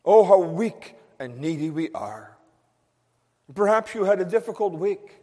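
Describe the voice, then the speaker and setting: A man's voice: high-pitched, animated, unhurried, warm tone. A man preaching a sermon as pastor, fervent and exclamatory, in a church sanctuary. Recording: long reverb of a large church.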